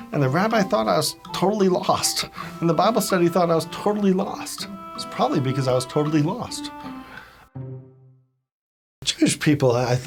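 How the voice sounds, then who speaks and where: A man in his fifties tells his faith testimony earnestly and reflectively, sometimes pausing on small fillers. His voice sits at an ordinary middle pitch, and faint music plays softly behind him. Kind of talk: personal testimony.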